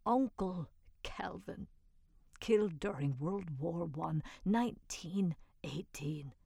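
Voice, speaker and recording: A woman reading a magazine article aloud for a reading service, calm and measured, dropping to a whisper for hushed dialogue. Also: on the low side, vocal fry, no echo, clean studio sound. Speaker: reader for a radio reading service.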